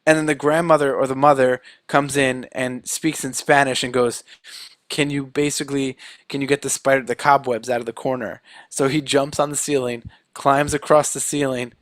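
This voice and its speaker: A man co-hosting a podcast walks through a film scene by scene, chatting casually and performing the characters' quotes with animation. His voice is medium pitched at normal speed, and there's no room sound.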